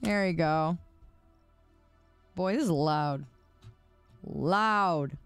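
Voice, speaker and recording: A woman's voice: deep voice, drawn-out words, smooth, no room sound, soft background music. A woman streaming a video game, chatting casually in a teasing, giggly, sarcastic way.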